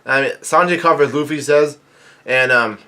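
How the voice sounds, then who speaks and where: A man recapping a comic chapter in casual talk, halting with many fillers and restarts. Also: on the high side, pushed and bright. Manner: reads quoted lines in a plain narrating voice. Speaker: manga reaction vlogger.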